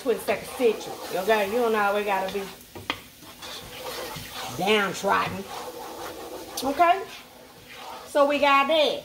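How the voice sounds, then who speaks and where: A woman with a fairly high voice hosts a cooking channel, giving a casual tutorial at her home stove while food sizzles in a skillet amid some background noise. She's chatty and playful, tossing out sassy asides and talking right to the food.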